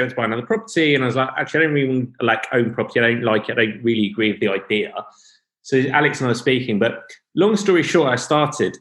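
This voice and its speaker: A man hosting a podcast from his home flat over a video call, telling stories in a loose, rambling way with fillers. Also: medium pitch. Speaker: podcast host. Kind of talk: casual podcast chat. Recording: roomy home sound.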